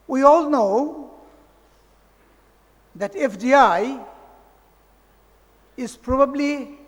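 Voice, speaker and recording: A man with a Bangladeshi accent giving a formal, measured welcome speech at a conference, sometimes restarting his phrases. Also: very high-pitched. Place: large hotel conference hall. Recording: echoey hall reverb.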